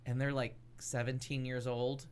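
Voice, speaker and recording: A woman co-hosting a casual talk show, telling a story in a rambling, halting way with many restarts. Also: very deep voice, flat delivery, a little mellow, smooth. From United States. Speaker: podcast host. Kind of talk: casual chat.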